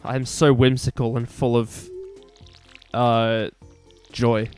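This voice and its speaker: A man in his twenties doing casual gameplay commentary, excitable, swearing and joking at his own expense. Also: medium pitch, takes it slowly, faint music behind. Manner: excitable, swearing, self-mocking jokes. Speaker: gaming streamer.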